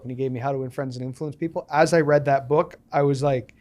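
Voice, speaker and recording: Man in his 30s, interview guest, mid-pitched, lively storyteller who plays out dialogue. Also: fast talker, few pauses. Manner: animated storyteller, acts out quoted dialogue. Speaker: podcast guest, business owner.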